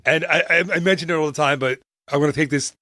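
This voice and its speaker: A man's voice: a little high, fairly even intonation, fast, bright, forceful tone, a little hiss or hum. A man co-hosting a podcast, chatting casually in a playful, teasing way, coughing now and then. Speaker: podcast co-host. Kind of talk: casual chat.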